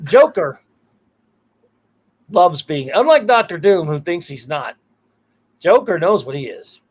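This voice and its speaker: A rambling, fairly high-voiced male podcast host. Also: sing-song, slow pace, breathy edge. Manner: rambling, restarts often. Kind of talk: casual chat.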